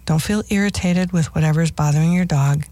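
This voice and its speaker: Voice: medium pitch, brisk, dark tone, no echo. A radio host of a dog-training show, giving firm, instructive advice as a list of do's and don'ts.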